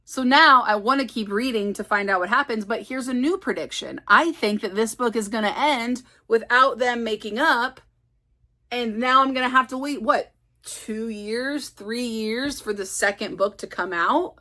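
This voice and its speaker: A woman's voice: on the high side, moderate pace, pushed and bright. A woman talking casually in a book vlog, chatty and self-mocking as she rambles about her reading. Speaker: book vlogger.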